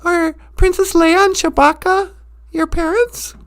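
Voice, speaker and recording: A mean little girl who bosses everyone around, her voice high and piercing with whiny exclamations, as a woman storyteller puts her on. She sounds put out and manipulative, pitched well up. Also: fairly even intonation, measured pace. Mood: wheedling.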